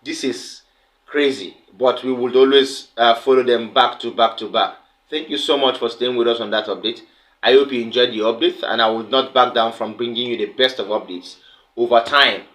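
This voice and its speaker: A man runs through political news in a bright, forceful voice. He talks emphatically and keeps pressing pointed questions at his audience. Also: mid-range voice, steady tone, moderate pace. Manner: emphatic, rising to indignant questions. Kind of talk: online news commentary.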